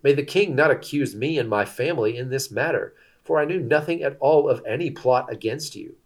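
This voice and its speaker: A man's voice: medium pitch, fairly quick, voice pushed up, close to an everyday voice. A man reading the part of a priest earnestly pleading his innocence before a king.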